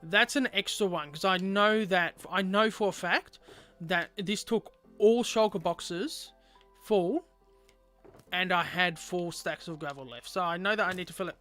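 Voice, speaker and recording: A man's voice: sits high, a little slow, sharp tone, faint music behind. A man streaming a game, chatting casually with viewers and rambling aloud with lots of fillers.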